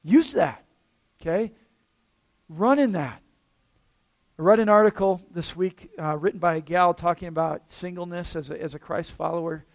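A man preaching a conversational sermon as pastor, often checking in with listeners with a quick "okay?" or "all right?". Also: high-pitched. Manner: casual, checks in with the room with frequent "okay?".

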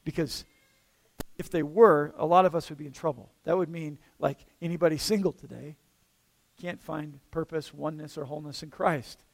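Pastor, male, high-pitched, easygoing sermon delivery with frequent check-ins. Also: steady tone, moderate pace, gravelly. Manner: casual, checks in with the room with frequent "okay?". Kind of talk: conversational sermon.

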